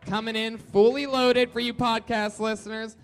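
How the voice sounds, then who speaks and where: A man hosting a live comedy podcast, shouting big intros and then dropping to quiet banter. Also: very high voice, level tone, moderate pace. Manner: hyped announcer intros that swing to quiet banter. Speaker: host.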